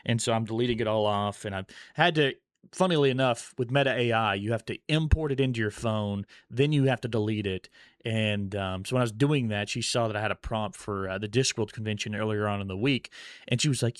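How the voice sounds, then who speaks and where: An American vlogger tells stories casually, rambling, correcting himself and chuckling along the way. He has a lowish voice and speaks fast, in a dry, clean studio recording.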